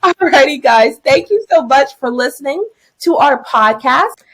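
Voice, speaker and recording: A young woman with a high, lively voice tells a story in casual podcast chat. She acts out her own cries and thoughts, and her pitch swings up and down as she talks. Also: measured pace, slight background noise. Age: young adult. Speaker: podcast co-host, teacher.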